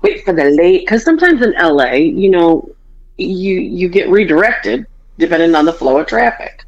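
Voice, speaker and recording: A woman's voice: fairly low pitch, big pitch swings, normal speed, dull audio. A woman podcast host telling family stories in casual chat, swearing freely and acting out her parents' quarrels.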